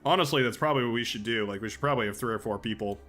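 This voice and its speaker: A man streaming a strategy game live, chatting and thinking aloud excitably as he plays. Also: medium pitch, rapid-fire, soft background music.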